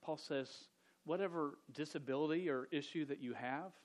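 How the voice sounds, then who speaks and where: A man's voice: on the high side, moderate pace. A man preaching a sermon with a stutter, often repeating words, speaking earnestly and directly to a young audience.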